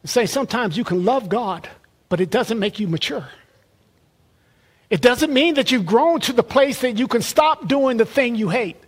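A man's voice: extremely high pitch, lively intonation, normal speed, slightly rough. A man preaching a sermon in a conversational way, often repeating words and restarting phrases.

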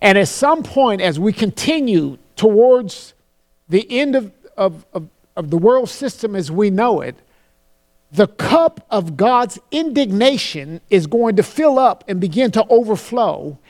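A man preaching a sermon, earnest, slowing down to quote scripture solemnly and often repeating words as he starts a phrase. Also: high-pitched, very animated, darkish tone.

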